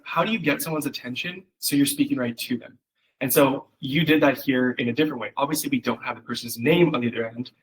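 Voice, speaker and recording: A copywriting coach gives a loose, chatty one-on-one critique of someone's copy, full of fillers and acted-out examples in which he voices quoted people. His medium-pitched voice is a bit bright and husky, and the audio quality is poor.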